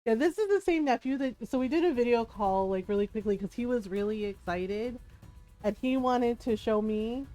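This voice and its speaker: A woman's voice: on the high side, lively intonation, normal speed, mellow, faint music behind, rough recording. A woman streamer chatting casually with her viewers as she plays, rambling and laughing often. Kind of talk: casual chat while streaming a game.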